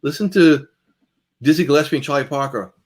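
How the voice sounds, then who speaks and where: A man teaching a guitar master class in a loose, conversational lecture style, his voice sitting a little on the high side. He drives points home by repeating phrases, and he lets his volume rise and drop freely as he talks. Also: brisk. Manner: swings between loud and soft.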